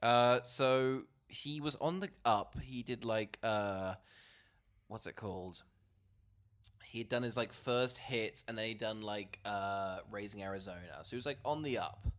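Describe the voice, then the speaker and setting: A man's voice: lowish voice, unhurried, fairly bright tone. A man co-hosting a casual film podcast, rambling and trailing off with laughs. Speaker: podcast co-host.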